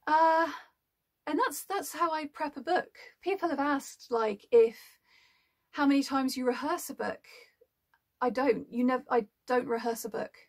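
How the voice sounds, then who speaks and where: A woman talks casually to camera about her work as an audiobook narrator. Her voice sits a little high and carries a gravelly, fry-tinged edge. She is chatty and reflective, pausing often with ums as she thinks. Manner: chatty and thoughtful, with frequent ums. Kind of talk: casual explanatory talk to camera.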